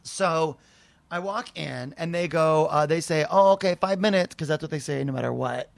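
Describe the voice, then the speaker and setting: A man telling an anecdote in casual conversation, lively and acting out the people he quotes in raised voices. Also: a little high, normal speed, vocal fry, no echo.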